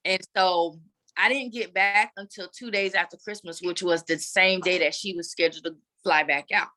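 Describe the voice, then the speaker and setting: A woman guest telling a candid personal story in an earnest, animated way. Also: lowish voice, moderate pace. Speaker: guest advocate.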